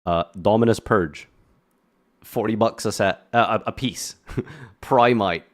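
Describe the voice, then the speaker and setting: A man's voice: on the low side, unhurried. A man giving reaction commentary on a video, blunt and incredulous, swearing at times.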